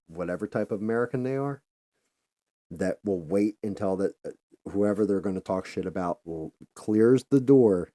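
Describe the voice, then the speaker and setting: Deep, dark-voiced man ranting casually. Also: no room sound. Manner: profane, rambling storytelling with restarts. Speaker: podcast host. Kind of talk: casual monologue.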